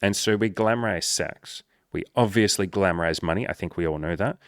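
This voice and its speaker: A man's voice: low voice, a little fast, no room sound, clean studio sound. A man coaching his viewers in casual talk to camera, playful and mock-formal at times, swearing freely. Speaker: dating and life coach.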